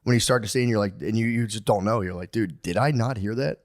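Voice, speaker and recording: A man in his thirties co-hosting a podcast, rambling and excitable, acting out quotes as he tells stories. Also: lowish voice, fast talker. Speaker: podcast co-host. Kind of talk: casual chat. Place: podcast studio.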